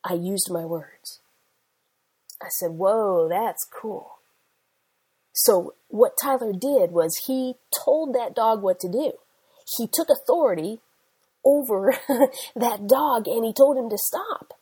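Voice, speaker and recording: A woman's voice: a little high, animated, slow, warm tone, husky, low-quality recording. A middle-aged woman preacher delivering an earnest sermon, telling stories in a conversational way and quoting scripture.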